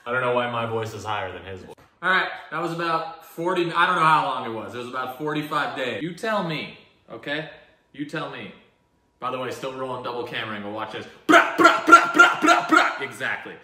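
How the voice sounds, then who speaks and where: A man's voice: medium pitch, animated, fairly quick, bright, forceful tone, reverberant, distant mic. A man hosting a casual cooking vlog in a home kitchen, joking and self-deprecating as he rambles through the recipe.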